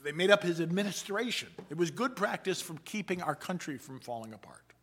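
A man preaching a sermon in a measured, earnest way, slowing down to stress key points. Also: high voice, fairly bright tone. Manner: measured, earnest delivery that slows for emphasis.

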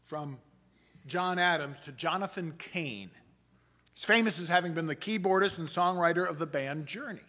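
A preacher delivers a sermon in an earnest, measured voice pitched a little high. His tone is bright and forceful, and he deliberately slows to stress his main points.

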